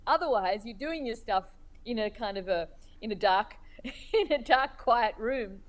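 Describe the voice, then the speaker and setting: A woman being interviewed as a cartoonist, speaking in a thoughtful, halting way as she searches for words. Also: on the high side, expressive. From Australia. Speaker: cartoonist guest. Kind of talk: reflective interview talk.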